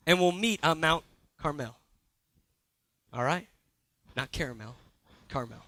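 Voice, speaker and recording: A young man preaches, retelling a story with animated asides and acted-out quotes. His voice sits high and bright, recorded dry and close with no room echo. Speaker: pastor. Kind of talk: sermon. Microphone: handheld or stage mic.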